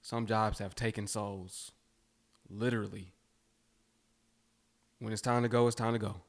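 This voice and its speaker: A man's voice: lowish voice, little pitch movement, unhurried. A man reacting to clips in earnest, preachy commentary.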